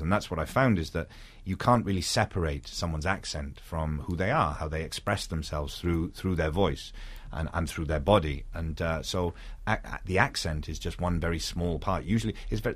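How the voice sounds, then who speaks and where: A man's voice: deep voice, breathy edge. A middle-aged man from Wales with a Welsh accent, an actor talking thoughtfully in an interview, with frequent restarts. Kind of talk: reflective interview conversation.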